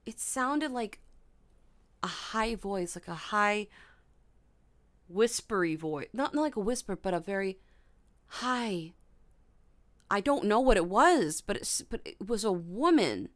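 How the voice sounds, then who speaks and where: A young woman hosting a casual livestream from her bedroom at night, startled, sometimes hushed and humming melodies high. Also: lively intonation, slow, pauses often, no room sound. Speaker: livestream host.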